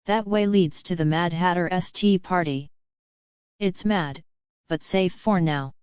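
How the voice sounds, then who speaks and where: Sly teasing storybook cat, voiced by a woman, low smooth voice, dull sound. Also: slow pace, darkish tone, no echo.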